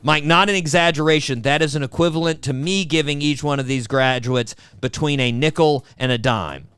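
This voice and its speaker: A man's voice: on the high side, fairly quick, fairly bright tone, clear, resonant tone, dry recording. A male podcast host, chatting casually in a wry, sarcastic way and often addressing his co-host. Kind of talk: casual chat.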